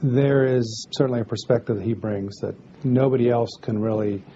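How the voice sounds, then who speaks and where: A man surgeon speaking calmly and matter-of-factly in an interview. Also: mid-range voice, moderate pace, muffled recording, slight background noise.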